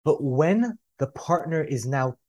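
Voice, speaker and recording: A man speaking as a life coach on a podcast, emphatic and repetitive, slowing down to stress his key points. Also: a little high, animated, dark tone. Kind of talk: motivational podcast talk.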